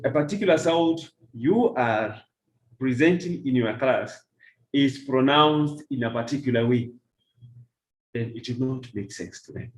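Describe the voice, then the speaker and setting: A middle-aged man giving a workshop lecture to teachers, deliberate and repeating key phrases for emphasis. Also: medium pitch, low-quality recording. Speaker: teacher trainer.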